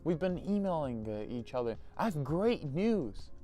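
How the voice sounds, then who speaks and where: Casting note: young man playing a pushy, high-voiced, overly cheerful scam caller who stalls. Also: very animated, moderate pace, mellow, faint music behind. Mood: fake cheerful. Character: overeager smooth-talking male rental scammer.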